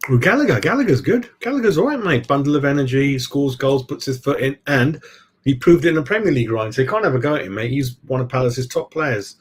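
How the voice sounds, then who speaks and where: Casual male fan-channel host with a mid-pitched voice, chatty and rambling, always saying "mate.". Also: brisk. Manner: rambling, replies to viewers mid-stream. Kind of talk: casual live-stream chat.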